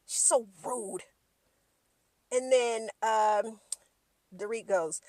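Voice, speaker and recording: A woman's voice: on the high side, drawn-out words, long pauses, warm tone, dry recording. Sassy woman recapping reality TV gossip. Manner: sassy, slangy, acts out quotes in shifting voices.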